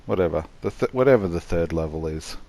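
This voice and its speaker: A tired man giving a rambling, halting voice-over commentary on his own gameplay, yawning as he goes. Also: deep voice, lively intonation, vocal fry, warm tone. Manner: rambling, halting, many restarts and fillers.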